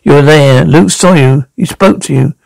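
A man voicing a gruff female detective, Vera. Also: on the high side, normal speed, a little mellow, no echo, low-quality recording. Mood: accusing. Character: gruff middle-aged female police detective. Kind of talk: amateur radio drama reading.

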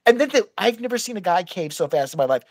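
A woman podcast host telling a long story in casual chat, profane and animated, acting out the people in it. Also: fairly low pitch, fast, no room sound. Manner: animated, profane, acts out voices in her story.

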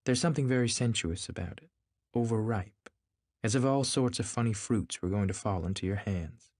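A man's voice: fairly low pitch, normal speed, a little mellow, no room sound, clean studio sound, close to an everyday voice. A man voicing a cool, languid young woman who talks in an offhand drawl.

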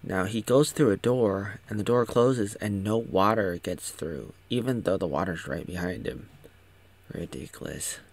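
Low-voiced, slow sarcastic man. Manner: sarcastic, rambling, with restarts. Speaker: show recap commentator. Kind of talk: casual commentary.

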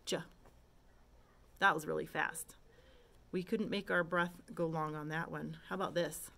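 A woman with a low, creaky, pushed and bright voice teaches kindergarteners phonics at a moderate pace with fairly even intonation. She patiently models and stretches letter sounds and asks simple questions in a slow, patient lesson for young children.

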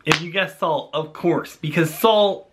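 A young man giving a playful Bible lesson for children, animated and jokey, talking straight to the kids. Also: fairly high pitch, measured pace, background noise.

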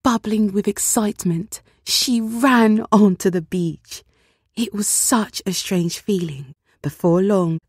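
A woman narrating a children's storybook read-along in a measured, expressive way. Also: fairly low pitch, slightly rough, dry recording, clean studio sound.

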